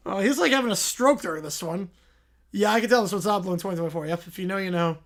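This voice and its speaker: A man's voice: high-pitched, a bit bright. A man hosting a livestream, reacting aloud in casual chat and thanking viewers. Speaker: livestream host.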